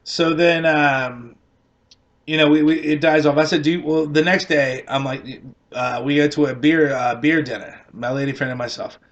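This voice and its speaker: A man's voice: on the high side, steady tone, moderate pace, a bit bright, highs cut off. A man with a Boston accent telling a rambling, profane comic story and laughing at his own punchlines. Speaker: comedian. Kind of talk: storytelling comedy rant.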